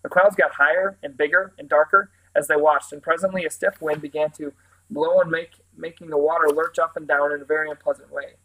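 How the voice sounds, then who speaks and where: A man's voice: on the high side, fairly even intonation, a little fast, sharp tone, rough recording. Man reading a children's book aloud. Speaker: storyteller.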